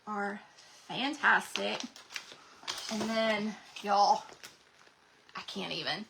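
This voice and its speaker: A woman hosting a craft livestream, gushing excitedly to her viewers as she shows off new transfers. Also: medium pitch, drawn-out words, gravelly, long pauses, background noise. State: recovering from being sick. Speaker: craft channel host.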